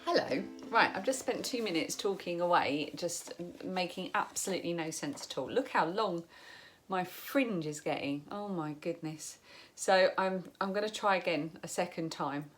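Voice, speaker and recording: British woman chatting away at home, lowish voice, laughs a lot. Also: moderate pace, soft background music. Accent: British English. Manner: chatty, rambling, laughs often. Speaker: craft vlogger. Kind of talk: casual chat to camera. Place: home, bedroom and bathroom.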